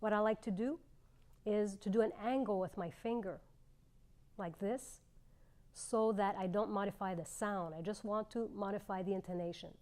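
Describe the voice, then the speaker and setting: A middle-aged woman gives a clarinet lesson, explaining each step clearly and patiently. She speaks at a medium pitch and pauses between ideas. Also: a little mellow. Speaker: clarinet teacher. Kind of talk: instructional demonstration.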